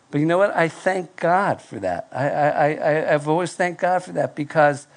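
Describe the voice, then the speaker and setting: A male pastor preaching to a live congregation, telling a self-deprecating story in a nasal, fairly monotone voice with halting restarts. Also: fairly high pitch. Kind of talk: sermon with personal story. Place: church before live congregation.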